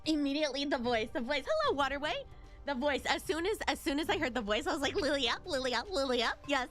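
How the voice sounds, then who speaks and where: A young adult woman streaming a video game, chatting excitedly to her viewers, often repeating herself and singing silly snippets. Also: high-pitched, fast talker, faint music behind. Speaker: VTuber streamer. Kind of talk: casual gaming stream chat.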